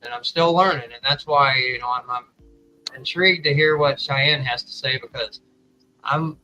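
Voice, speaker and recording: Bright-voiced man telling a story. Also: mid-range voice, normal speed, faint music behind, low-quality recording. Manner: candid, rambling, frequent fillers. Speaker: podcast co-host. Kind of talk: casual storytelling.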